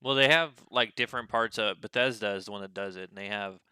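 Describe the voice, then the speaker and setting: A man co-hosting a podcast, chatting casually in a low, smooth voice. His talk is relaxed and often trails off into quiet asides. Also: fast, no echo. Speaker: podcast co-host. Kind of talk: casual chat. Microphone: podcast studio mic.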